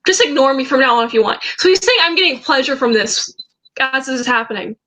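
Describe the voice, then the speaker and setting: A young woman vlogger telling a story in a casual way, reading out chat messages and often pausing to hesitate and restart. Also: sits high, bright, forceful tone, poor audio. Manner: hesitant, halting, with many ums and restarts.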